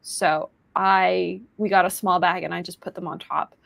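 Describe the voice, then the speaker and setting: A woman hosts a relaxed podcast chat, wandering from one thought to the next with plenty of ums and easy laughs. Her voice has a gravelly, fried edge. It sits close and dry on the mic. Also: on the low side, normal speed, no echo. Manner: rambling, chatty with fillers and laughs. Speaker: podcast host. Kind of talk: casual chat.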